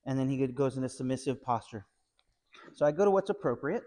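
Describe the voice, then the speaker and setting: A man's voice: medium pitch, lively intonation, a little fast, dark tone. A man working as a dog trainer, explaining puppy training step by step and checking in with the viewer with a frequent "okay?". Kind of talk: instructional training video.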